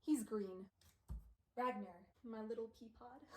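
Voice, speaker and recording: A young woman streaming a casual book recap, chatty and wry, with "like" sprinkled through every sentence. Her voice sits fairly high and rings in a roomy, echoing space. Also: slow. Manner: chatty, sarcastic, heavy use of "like". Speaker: VTuber streamer. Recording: roomy echo.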